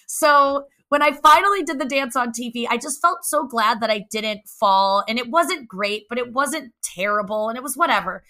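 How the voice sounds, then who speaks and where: Bright, animated young woman telling a story. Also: fairly high pitch, fairly quick, hardly any pauses. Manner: animated, self-mocking, swears freely. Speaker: guest, comedian. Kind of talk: storytelling in casual chat.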